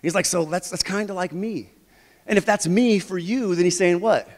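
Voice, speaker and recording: Pastor preaching, kinda high voice, swings all over, big church echo. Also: male voice, moderate pace. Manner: animated preaching, shifts between quiet and loud. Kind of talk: sermon. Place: church sanctuary.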